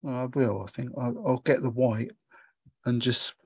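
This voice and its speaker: A man's voice: mid-range voice, fairly even intonation, moderate pace, gravelly, a bit bright, slightly rough, no room sound, rough recording. Rambling man demonstrating watercolours. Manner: rambling, chatty, thinks aloud while painting. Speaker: watercolour tutor. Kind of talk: casual painting demonstration.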